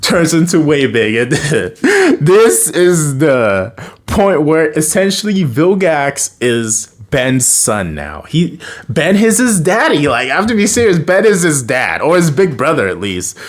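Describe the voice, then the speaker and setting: Animated man reviewing a cartoon episode. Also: medium pitch. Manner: animated, joking, laughs often, acts out quotes; many fillers and self-corrections.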